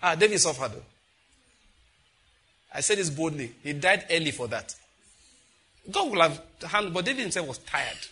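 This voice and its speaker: Nigerian male preacher, husky and forceful, fairly high voice, animated storyteller. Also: normal speed, pauses often. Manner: animated storytelling with sudden exclamations. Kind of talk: sermon.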